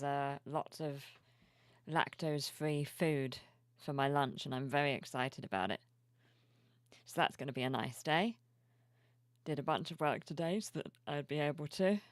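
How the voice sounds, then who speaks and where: A sleepy woman streamer chatting softly and cheerfully with her viewers at home, reading their messages aloud. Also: deep voice, no room sound, clean studio sound. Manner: soft-spoken, cheerful, reads chat aloud. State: sleepy, yawning. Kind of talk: casual live-stream chat. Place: home room with plushies.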